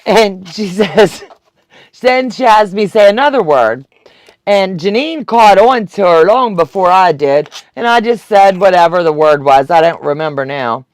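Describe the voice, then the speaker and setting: Woman, chatty quilting teacher, slow unhurried talk, dry close sound. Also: medium pitch, animated, no room sound. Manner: chatty, laughs often, talks to viewers. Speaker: quilting instructor. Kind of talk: casual live-stream tutorial.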